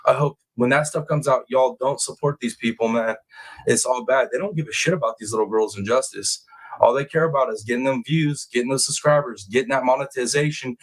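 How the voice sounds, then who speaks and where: On a low-quality recording, a man with a mid-range, fairly bright voice hosts a true crime livestream. He rants bluntly in a casual way, swearing and saying "y'all," then reads viewer names from the chat.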